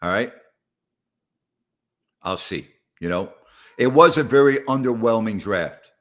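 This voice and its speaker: A middle-aged man hosts a live sports call-in show from indoors at a house, his lowish voice animated, slow, and a bit bright. He rambles sarcastically and sounds exasperated as he answers his audience.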